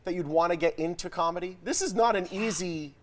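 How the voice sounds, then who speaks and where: A man's voice: sits high, a little fast, a little hiss or hum. A male morning TV co-host from Boston, chatting with guests in an enthusiastic way. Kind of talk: casual chat. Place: TV studio.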